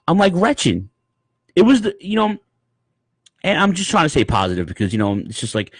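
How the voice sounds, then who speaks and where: Podcast co-host, male, cursing, animated storyteller, dry room. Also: mid-range voice, dry recording. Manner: profane, animated storyteller, acts out voices. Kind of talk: casual podcast chat, storytelling.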